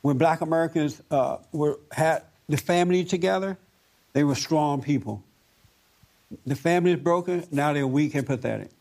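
Male host type, slightly high pitch, drives points home by repeating them. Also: normal speed, gravelly, darkish tone. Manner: emphatic, preachy, repeats his points. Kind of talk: talk show discussion.

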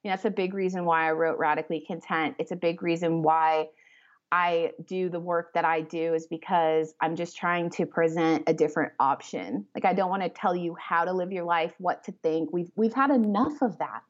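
A woman author talking as a podcast guest, rambling and animated, with many fillers as she explains her ideas. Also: on the low side, normal speed. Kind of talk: conversational interview. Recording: slightly muffled lo-fi audio.

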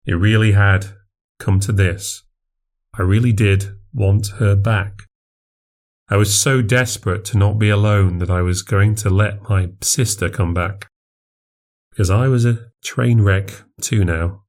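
Male podcast narrator, low register, first-person horror tale, unshowy confessional delivery. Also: fairly even intonation, a little slow, a little mellow. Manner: confessional, plainspoken.

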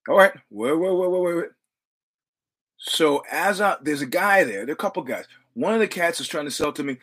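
A man's voice: on the high side, lively intonation, brisk, fairly bright tone. A man hosting a podcast, telling a casual story with profane, repetitive, punchy delivery. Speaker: podcast host.

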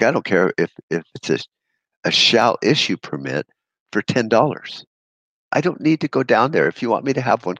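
Man, very deep voice, gravelly, blunt profane rant, sarcastic, dry close recording. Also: a bit bright, no room sound. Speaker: podcast host. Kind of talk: solo podcast rant.

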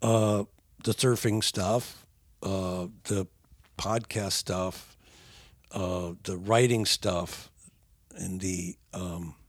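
An older man talking with his son on a podcast in casual conversation, halting with restarts and growing animated. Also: low-pitched, no echo. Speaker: podcast guest, father of the host.

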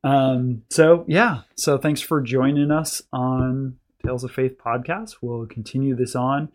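A man's voice: medium pitch, measured pace. A man hosting a faith podcast with his wife, talking in an easy, casual way with frequent fillers. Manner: relaxed, many fillers and restarts. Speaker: podcast host and pastor. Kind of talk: casual chat.

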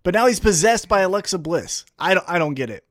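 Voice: mid-range voice, lively intonation, fast, a bit bright, no room sound, studio quality. Heated, profane podcast co-host. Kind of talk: casual podcast rant.

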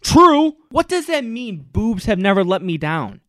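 A man hosting a podcast, ranting angrily with loud mocking sarcasm and jeering mimicry. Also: high voice, very animated, measured pace, dry recording, studio quality. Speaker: podcast host. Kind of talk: angry ranting commentary.

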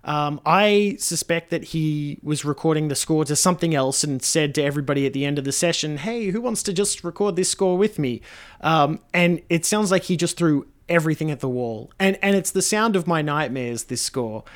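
A man, a filmmaker guest on a podcast, chatting casually in a halting, profane way with frequent restarts. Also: a little high.

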